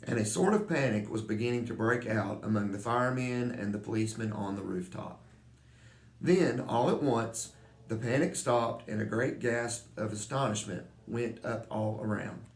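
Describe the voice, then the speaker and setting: A man reading a children's book aloud with an expressive, lilting delivery. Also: mid-range voice, normal speed. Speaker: reader. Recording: echoey room.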